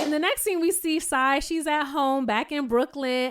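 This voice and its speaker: A woman, giving a chatty, animated recap of a reality show in a casual commentary style. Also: high-pitched, a little fast, few pauses. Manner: chatty and animated, quoting cast members in playful voices.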